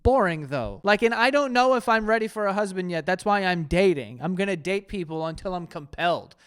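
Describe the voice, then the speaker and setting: Man, 30s, host reacting to dating tips, crude joker, clear tone. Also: high voice, animated, fairly quick, a bit bright. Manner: loose, crude, joking, laughs often, mock voices. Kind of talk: casual reaction commentary.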